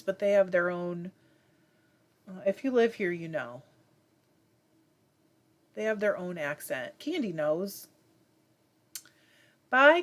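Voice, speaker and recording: A woman's voice: mid-range voice, a little mellow. A woman from Michigan hosting a casual livestream, chatting and reading viewer comments aloud with many fillers. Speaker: livestream host reading chat. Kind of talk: casual chat.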